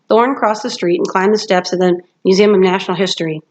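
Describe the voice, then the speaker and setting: A woman's voice: mid-range voice, fast talker, few pauses. Woman teacher reading a novel aloud. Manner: steady reading, with occasional self-corrections. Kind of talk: storybook read-aloud narration.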